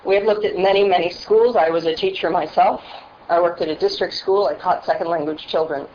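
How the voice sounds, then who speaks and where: A woman's voice: on the low side, steady tone, a little fast. A woman from a funding foundation giving an earnest, emotional public comment at a board hearing. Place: public board meeting room. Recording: muffled meeting-room audio with faint hiss.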